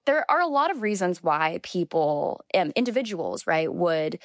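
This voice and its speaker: A young woman journalist talks through an interview in a loose, chatty way, full of "um" and "like." Her voice sits a little low, and the recording is dry and close. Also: big pitch swings, normal speed, no room sound. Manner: chatty, lots of filler words and "like". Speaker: journalist guest. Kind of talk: conversational interview.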